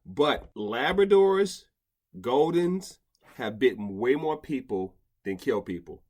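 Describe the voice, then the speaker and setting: A man's voice: mid-range voice, lively intonation, slow, a little mellow. A man hosting a casual podcast chat, talking in rambling bursts with many restarts and stammers. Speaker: podcast host, dog behavior expert.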